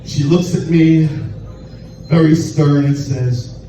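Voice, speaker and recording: A man doing crude stand-up at a bar open mic, telling a raunchy story in a deadpan way. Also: fairly high pitch, slow pace. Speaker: stand-up comedian. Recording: echoey, distant, muffled room recording with noise.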